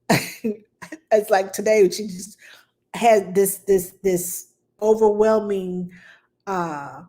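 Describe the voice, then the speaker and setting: A nanny answering viewers' baby questions in casual talk, reassuring and lively, acting out baby sounds and repeating "yes" for emphasis. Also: female voice, mid-range voice. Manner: animated, acts out baby talk and her own quotes.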